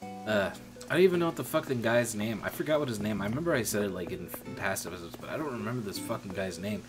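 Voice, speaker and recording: A man's voice: on the low side, animated, fast talker. A young man in a casual, profane rant, venting bitterly about an old job. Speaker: streamer. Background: music.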